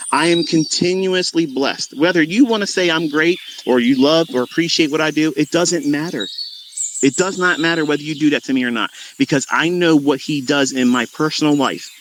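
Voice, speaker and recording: Man, middle-aged, fervent and preachy, repeats for emphasis, fairly high voice, faint crickets and birds behind. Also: a bit bright, slight background noise. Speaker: trading educator. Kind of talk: impassioned monologue to viewers.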